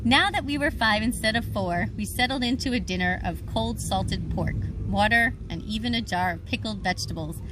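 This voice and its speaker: A woman reading a children's adventure novel aloud in first-person narration, lively and expressive. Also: medium pitch, moderate pace, few pauses, music in the background. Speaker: audiobook reader.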